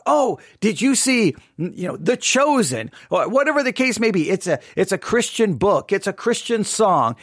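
A man from Texas, a Christian commentator, talking in a casual monologue into a microphone, candid and animated, acting out the voices in his stories. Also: high voice, no room sound, studio quality. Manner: candid, animated storytelling with acted-out quotes. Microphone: studio microphone.

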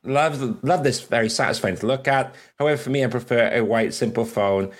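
A man's voice: medium pitch, brisk, slight background noise. A man co-hosting a casual, joking chat stream. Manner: chatty, joking, puts on silly robot voices. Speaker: livestream co-host.

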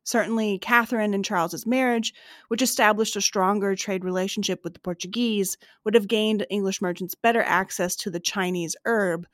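A woman co-hosts a history podcast, her voice pitched in a middle range. Her reading is steady and even. The sound is close and dry, with no room around it. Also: moderate pace, no echo. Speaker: podcast co-host.

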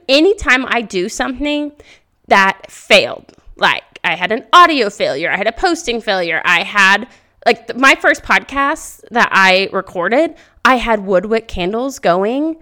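A woman hosting a podcast, telling stories in a loud, animated way and laughing often into a podcast microphone. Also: a little high, moderate pace. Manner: speaks loudly; animated storytelling with frequent laughter. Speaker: podcast host. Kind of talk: casual motivational podcast monologue.

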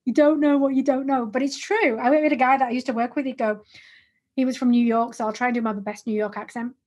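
A woman in her forties co-hosting a business podcast, chatty and animated, often restarting her words. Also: a little high, fast talker. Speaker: podcast co-host. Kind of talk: casual business podcast chat.

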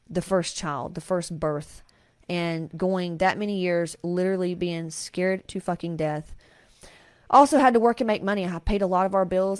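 A woman in her thirties with a drawl speaks candidly and emotionally, swearing as she opens up about her life. Her voice sits a little low. The sound is close and dry, with no room around it. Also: a little mellow, no room sound. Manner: emotional, confessional, frequent swearing. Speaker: podcast host. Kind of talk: candid personal storytelling.

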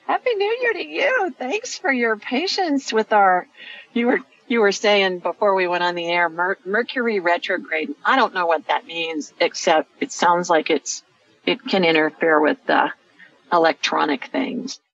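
Speaking a little slowly with lively intonation, this radio host and intuitive healer walks callers through her visions in a warm, chatty manner. Her voice leans low and fairly bright. The recording is dry and muffled, as on broadcast radio.

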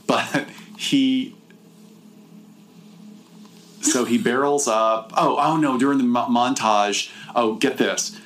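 A man's voice: medium pitch, steady tone, slow, pauses often, a bit bright, slight background noise. A man hosting a podcast, chatting casually and animatedly while recapping a movie, often laughing and slipping into impressions. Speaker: podcast host.

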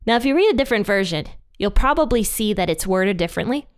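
A woman's voice: on the high side, lively intonation, moderate pace, clean tone. A woman teaching a Bible passage in a casual, chatty way, retelling the story conversationally. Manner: chatty, conversational retelling with playful quoted voices.

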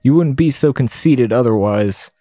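A man's voice: medium pitch, normal speed, mellow, dry recording, natural voice. A man voicing a taunting female villain in a game, close to his own voice. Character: scheming villainess, female adult.

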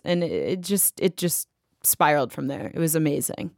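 A woman telling a personal story as an interview guest, animated and chatty with many fillers, on a close podcast mic. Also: low-pitched, moderate pace, no room sound. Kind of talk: casual storytelling.

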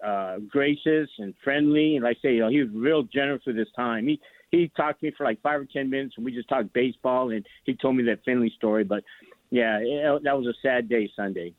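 A man's voice: mid-range voice, brisk, no room sound. A man phones in to a sports talk show and rambles through a story, circling back with fillers and restarts. His voice comes over a tinny, narrow phone line. The sound is dry, with no room around it. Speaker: caller. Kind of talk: casual phone call to a sports radio show.

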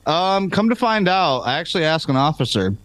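A man's voice: on the high side, very animated, a little fast, fairly bright tone. Rambling, profane man with a Midwestern accent. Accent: American Midwest. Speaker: guest. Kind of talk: casual live podcast chat.

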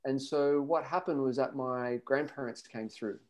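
Animated man telling running stories. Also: medium pitch, moderate pace, a little hiss or hum. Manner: animated storyteller, acts out voices. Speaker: podcast guest runner. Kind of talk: casual storytelling chat.

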